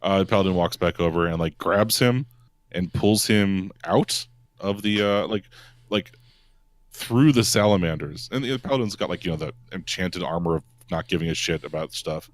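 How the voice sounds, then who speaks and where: A man acting as game master of a tabletop game, narrating in a relaxed, hesitant way with many fillers. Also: low-pitched, moderate pace, dry recording. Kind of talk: casual tabletop role-play narration.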